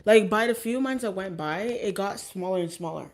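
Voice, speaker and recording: A woman's voice: mid-range voice, normal speed. A woman telling a personal story in a casual, rambling way, with many fillers and restarts. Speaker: vlogger.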